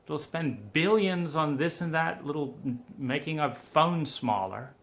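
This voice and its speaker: A man speaking in a gravelly, fry-laden voice that is pushed and tense. He gives personal testimony for a documentary, sounding frustrated, urgent and pleading as he talks. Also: on the high side, animated, measured pace, hardly any pauses, a bit bright. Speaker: documentary subject.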